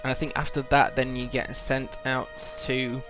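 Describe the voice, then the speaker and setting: A man's voice: mid-range voice, little pitch movement, normal speed, over music. A man casually commenting on a game while playing, rambling and correcting himself with little chuckles. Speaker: gaming channel host.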